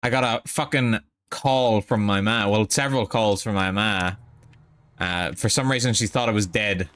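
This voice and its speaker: A man's voice: on the low side, normal speed, a bit bright, clear, resonant tone, dry recording. A young man streaming a game live, talking in a casual, rambling and profane way.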